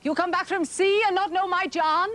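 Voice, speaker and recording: A woman's voice: extremely high pitch, steady tone, moderate pace, fairly bright tone. A woman voicing a proud, anxious mother who demands news of her sailor son, in a dramatic poetry recitation. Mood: pleading. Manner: insistent, pleading.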